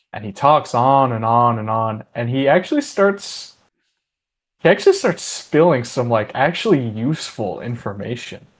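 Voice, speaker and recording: A man runs a tabletop game in a relaxed, mid-pitched voice. He narrates casually, wandering through asides and fillers. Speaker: game master.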